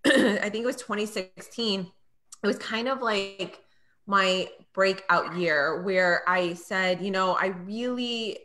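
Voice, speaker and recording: Bright, animated woman telling stories. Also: on the low side. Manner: animated storytelling, acts out her own past lines. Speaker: guest, network marketing trainer. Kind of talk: casual interview chat.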